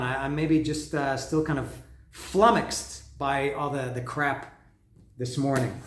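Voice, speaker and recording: Excitable man rambling, echoey room. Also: mid-range voice. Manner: rambling, excitable, swears freely, many restarts. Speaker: vinyl record vlogger. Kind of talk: casual unboxing vlog. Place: lives in Mexico.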